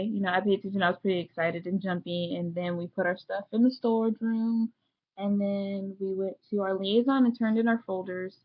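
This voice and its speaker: Young woman vlogging, chatty and bubbly, rambles on, kinda dull lo-fi sound. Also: mid-range voice. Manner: bubbly, rambling, acts out quoted people. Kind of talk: casual storytelling vlog.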